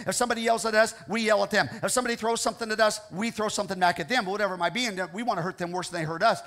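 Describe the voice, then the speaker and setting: A man with a Midwestern American accent delivers a sermon from the pulpit. His voice sits notably high for a man. He preaches earnestly, repeating lines for emphasis and checking in with his listeners. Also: a bit bright. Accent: Ohio, American Midwest. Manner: earnest, repetitive preaching with frequent "okay?" check-ins. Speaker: pastor. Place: church sanctuary.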